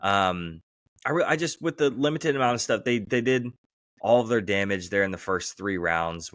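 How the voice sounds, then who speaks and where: A man co-hosting a podcast, chatting casually about sports with a relaxed manner and plenty of fillers. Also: low-pitched, no echo, studio quality. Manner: relaxed, fillers, animated when retelling stories. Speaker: podcast co-host.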